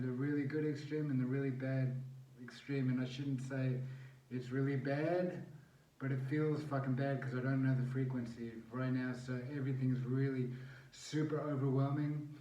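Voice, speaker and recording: A man's voice: mid-range voice, warm tone, recorded from a distance. A man talking bluntly and candidly in a vlog, swearing heavily and rambling as he vents his frustration. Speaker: vlogger sharing brain injury recovery. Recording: roomy echo, voice a bit off-mic.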